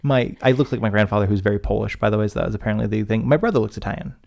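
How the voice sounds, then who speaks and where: A man talking quickly in a low, gravelly voice, chatting casually as a podcast co-host. He rambles and restarts his sentences. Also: a little mellow. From United States. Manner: rambling, self-interrupting, chatty.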